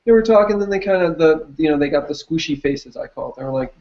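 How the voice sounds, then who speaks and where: A man's voice: fairly high pitch, animated, fast, a little mellow, lo-fi sound. A man speaking as an entrepreneur guest in a casual chat, sharing experiences and laughing easily. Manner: chatty, laughs easily, uses fillers. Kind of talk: casual conversation on a call.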